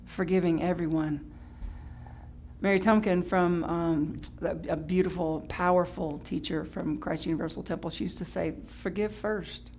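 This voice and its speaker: A woman pastor preaching a Sunday sermon in a chatty, playful way, breaking into sudden high exclamations and correcting herself as she goes. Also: steady tone, moderate pace, a little mellow, a little hiss or hum. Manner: chatty, with restarts and self-correction. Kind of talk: live-streamed Sunday sermon.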